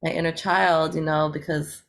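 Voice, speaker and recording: Low-voiced, gravelly woman chatting. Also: flat delivery, moderate pace, slight background noise. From United States. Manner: chatty, upbeat, laughs often, many fillers. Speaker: guest, eco-rapper. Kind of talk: casual interview chat.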